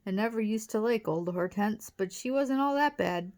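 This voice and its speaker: A woman's voice: medium pitch, lively intonation, normal speed, darkish tone, natural voice. A woman reading aloud, voicing a clever, matter-of-fact young girl in a children's storybook. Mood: thoughtful.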